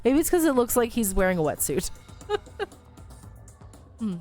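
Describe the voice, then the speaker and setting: A woman's voice: a little high, very animated, normal speed, mellow, faint music behind, low-quality recording. A woman hosting a let's play, reading a visual novel aloud with chatty, self-amused asides. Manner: chatty, laughs at herself, trails off mid-thought.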